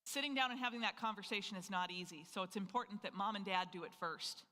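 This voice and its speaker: A presenter from North Dakota leads a live financial seminar with an energetic, question-driven delivery. The voice has a bright, forward edge. It rings out with a long reverb tail in an event hall. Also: mid-range voice, fast talker. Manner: energetic, full of rhetorical questions to the audience.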